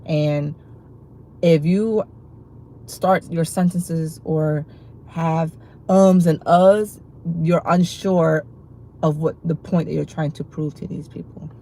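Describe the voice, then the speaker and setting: Female livestream host, low gravelly voice, loose rambling delivery. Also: steady tone, slow, dark tone, low-quality recording. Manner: rambling, filler-heavy talk with many restarts. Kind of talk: casual livestream chat to viewers.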